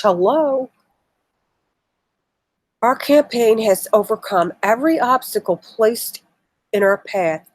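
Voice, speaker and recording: A woman's voice: mid-range voice, darkish tone, dry recording, rough recording. A woman hosting a casual political live stream, reading news articles aloud with indignant, emotional asides. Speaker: political livestream host.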